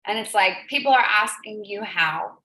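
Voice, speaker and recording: Speaking at normal speed in a mid-range voice that sounds pushed and bright, this woman hosts a live business coaching stream. Her motivational talk is earnest and emotional, with repeated phrases for emphasis, recorded in an echoey room.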